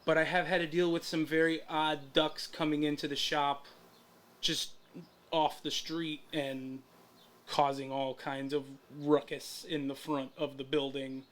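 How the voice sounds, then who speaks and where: A man with a notably high speaking voice tells stories as a podcast guest. He talks about his tattoo shop in a loose, laid-back way. The telling is animated and full of swearing. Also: measured pace. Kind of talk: casual storytelling.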